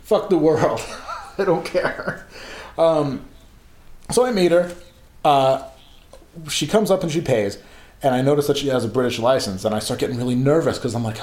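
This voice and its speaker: A man's voice: medium pitch, measured pace, a little mellow. A man in his thirties telling a long, rambling story in casual chat, laughing and swearing as he goes. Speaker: podcast co-host telling stories. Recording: echoey room.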